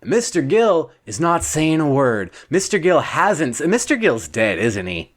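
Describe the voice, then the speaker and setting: A man telling an absurd second-person bedtime story in a deadpan, wandering way. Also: fairly high pitch. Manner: slow, deadpan, wandering delivery.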